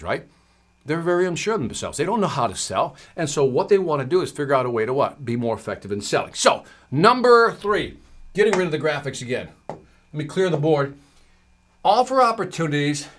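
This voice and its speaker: A man hosting a livestreamed sales lesson from his studio, asking the audience quick rhetorical questions as he goes. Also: on the high side, a bit bright. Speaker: sales trainer and livestream host. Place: home studio.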